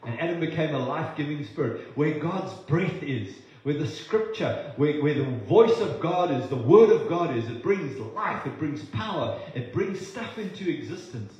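A man's voice: fairly high pitch, lively intonation, normal speed, few pauses, darkish tone, lo-fi sound. Echoey man preaching from afar. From South Africa. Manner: earnest, repeats words for emphasis. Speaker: pastor. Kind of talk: sermon. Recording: very echoey room, voice from a distance.

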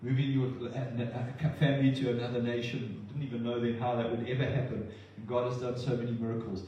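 A man preaching a sermon, impassioned and at times halting and emotional. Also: medium pitch, flat delivery, dark tone, a little hiss or hum. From not from New Zealand. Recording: echoey hall, distant mic, dull sound.

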